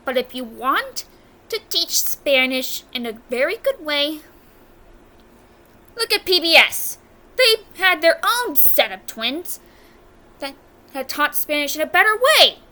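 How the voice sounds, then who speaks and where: A woman's voice: high-pitched, sing-song, takes it slowly, pauses often, sharp tone. A young American woman doing casual ranking commentary on a video, blunt and exasperated, often stopping to correct her own words. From United States. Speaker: video reviewer.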